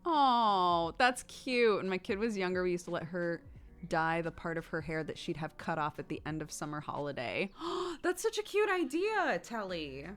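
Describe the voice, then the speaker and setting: A woman's voice: lowish voice, animated, normal speed, fairly bright tone, soft background music. A woman in her thirties, streaming and chatting casually while gaming, telling stories and laughing often.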